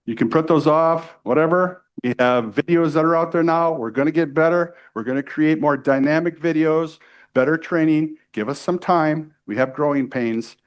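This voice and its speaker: A middle-aged man from the United States giving a live sales training to a room, energetic and pushy, often checking in with the audience. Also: on the high side, normal speed, clean tone. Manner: energetic, salesy, keeps asking "right?".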